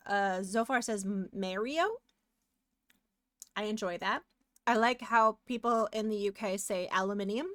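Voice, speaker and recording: Giggly, slow-talking American woman streamer. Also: a little high, pushed and bright, no room sound, studio quality. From United States. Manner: chatty and giggly, hums and sings along. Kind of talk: casual live-stream chat while working.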